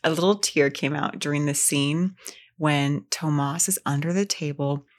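Low-voiced woman, laughing storyteller. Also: moderate pace. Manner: lively storytelling with frequent laughter. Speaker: podcast co-host. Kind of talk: casual film discussion.

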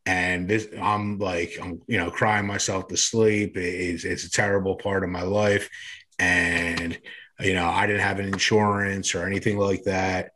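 A man's voice: sits low, flat delivery, unhurried, bright, forceful tone. A man in an interview, telling his own story in a rambling, casual way, with many fillers, restarts and curse words. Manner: rambling, filler-heavy, frequent restarts and swearing. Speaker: guest sharing his recovery story.

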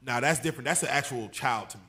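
A man co-hosting a podcast in casual group chat, animated and profane, often laughing as he jokes. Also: mid-range voice, fast. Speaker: podcast co-host.

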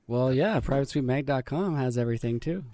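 A man co-hosts a casual podcast, sounding upbeat and eager, his voice sitting at a middling pitch. The recording is dry and close. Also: expressive, fairly quick, dark tone, no echo. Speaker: podcast co-host.

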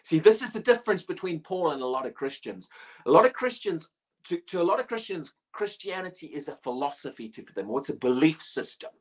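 A woman preaching a sermon, emphatic and animated, often asking rhetorical questions. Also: sits low, a little fast.

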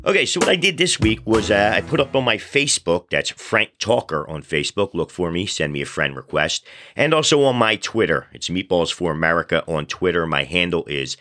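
A man hosts a casual talk podcast, chatting loosely and poking fun at himself. His voice is deep and forceful. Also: lively intonation, brisk. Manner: chatty, loose, self-deprecating storyteller. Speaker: podcast host. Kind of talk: casual talk show monologue.

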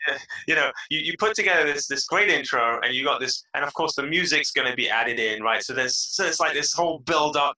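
Bright-voiced British man telling stories. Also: mid-range voice, quick pace, poor audio. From England. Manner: energetic, animated storytelling with playful voices. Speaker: podcast guest. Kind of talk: casual interview chat.

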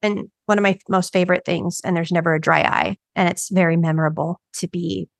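A woman's voice: lowish voice, steady tone, fairly quick, creaky, no room sound, clean studio sound. A woman co-hosting a coaching podcast, explaining her methods step by step in a reflective way. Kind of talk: casual podcast conversation.

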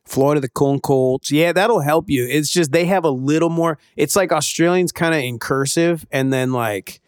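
A man's voice: on the high side, normal speed, clear, resonant tone, no echo, clean studio sound. A man co-hosting a podcast in casual banter, laughing often and swearing casually. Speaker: podcast co-host.

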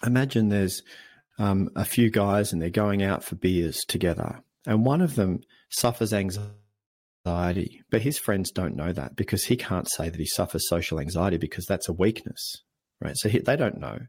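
An Australian man speaking as a podcast guest, telling stories in an earnest, animated way. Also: deep voice, normal speed, slightly rough. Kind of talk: conversational interview.

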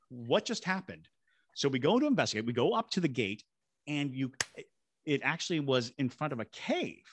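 A man's voice: mid-range voice, no echo. A man, a paranormal investigator and ghost tour guide, telling a story as a podcast guest and acting out voices and sound effects. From Savannah, Georgia. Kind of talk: animated storytelling in a podcast interview.

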